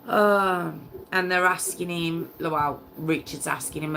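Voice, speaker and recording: Slow, indignant woman host. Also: lowish voice, fairly even intonation, gravelly, bright, forceful tone, a little hiss or hum, rough recording. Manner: indignant and emotional, repeats phrases. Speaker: true crime host. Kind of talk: casual true crime storytelling.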